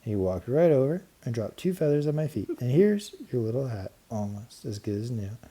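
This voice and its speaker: A man voicing a kind, motherly woman servant in a storybook, talking gently and soothingly. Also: mid-range voice, big pitch swings, moderate pace. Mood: coaxing.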